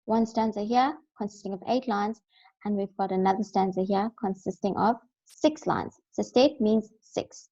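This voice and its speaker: A woman's voice: medium pitch, moderate pace, vocal fry, warm tone, muffled recording. A woman teaching a recorded lesson, explaining step by step and often checking in with "right?".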